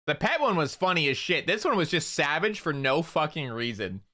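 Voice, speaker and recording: A man streaming casually, telling stories with animated energy, acting out quotes and swearing freely. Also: a little high, moderate pace.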